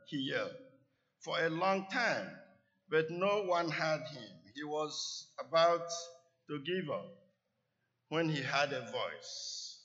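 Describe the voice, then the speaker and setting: A man preaching a sermon in a church, telling a story in a slow, deliberate way. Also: fairly high pitch, very animated, a bit bright. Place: church sanctuary. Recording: echoey church hall, dull lo-fi.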